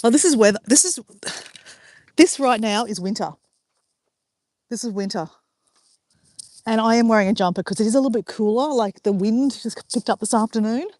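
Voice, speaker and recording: A woman's voice: fairly high pitch, moderate pace, long pauses, a little mellow, no echo. A middle-aged Australian woman chatting casually to viewers as she walks an outdoor track. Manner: chatty and rambling, talks while walking outdoors. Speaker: vlogger. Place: outdoor walking track by a river.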